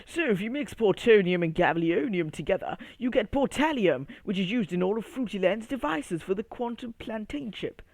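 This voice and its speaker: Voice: mid-range voice, lively intonation, normal speed, gravelly, hardly any pauses, a little mellow, dry recording, voice pushed up. A storyteller voicing an earnest male fruit scientist who explains his experiments in a children's story.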